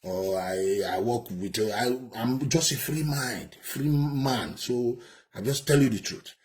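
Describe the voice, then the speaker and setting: A man's voice: medium pitch, takes it slowly, darkish tone. A Nigerian man giving heated, indignant commentary, ranting and repeating himself.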